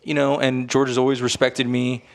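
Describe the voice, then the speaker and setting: A young man, telling a story on a podcast in an animated way with lots of fillers, acting out quotes. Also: mid-range voice, normal speed, vocal fry. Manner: animated, heavy filler words, acts out quotes. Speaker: podcast co-host. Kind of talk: casual storytelling.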